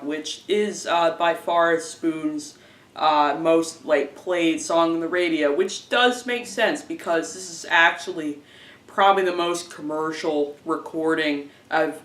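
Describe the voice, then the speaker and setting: A man giving a casual spoken album review, halting often with fillers and restarting his phrases. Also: a little high, fairly bright tone. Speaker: music reviewer. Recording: roomy, distant from the mic.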